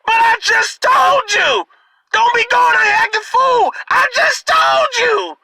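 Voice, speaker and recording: A man's voice: very high voice, slow pace, creaky, raised voice, heavy background noise, pitched above the performer's own voice, heavily acted. A man voicing his old grandfather, who scolds and coaxes his grown daughter and keeps repeating "now". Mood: scolding shout.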